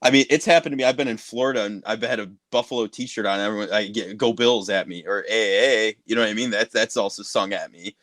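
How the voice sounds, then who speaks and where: A man hosting a podcast in casual chat, relaxed and easygoing. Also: on the low side, fast, few pauses, dry recording. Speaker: podcast host.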